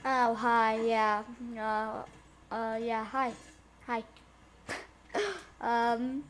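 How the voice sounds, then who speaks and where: Giggly high-voiced woman playing a game. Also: extremely slow, a little hiss or hum. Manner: giggly, excitable, talks to the game characters. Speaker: let's play gamer. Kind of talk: casual gameplay commentary.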